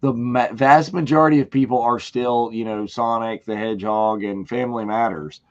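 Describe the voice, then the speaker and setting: A man co-hosting a casual fan chat, telling convention stories with animated acted-out quotes and laughs. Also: mid-range voice, normal speed, muffled recording. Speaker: co-host of a fan watch-along show.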